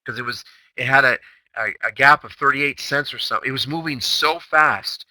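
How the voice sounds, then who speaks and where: At a moderate pace, this man's sharp, medium-pitched tone leads a recorded trading-session recap from a day-trading chatroom. He speaks brashly and emphatically, leaning on rhetorical questions; the recording is low quality and echo-free.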